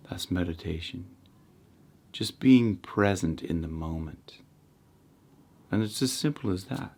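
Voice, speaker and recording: Slow, deep-voiced man talking meditation. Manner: rambling, with frequent restarts and soft trailing endings. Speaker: meditation channel host. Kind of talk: casual self-help talk to camera.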